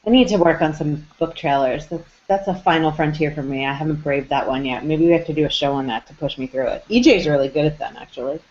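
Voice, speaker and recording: A woman hosting a live online chat show, upbeat and quick to laugh. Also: deep voice, a little mellow. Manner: bubbly, upbeat, laughs easily. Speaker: host. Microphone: video call. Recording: dull lo-fi web call audio.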